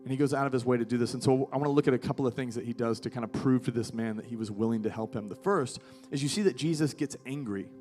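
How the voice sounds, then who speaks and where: A man's voice: medium pitch, very fast, a little mellow, soft background music. A man in his thirties, a pastor giving a live sermon in a casual, conversational way that grows emphatic. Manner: conversational preaching, rising to emphatic. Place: church hall with live audience.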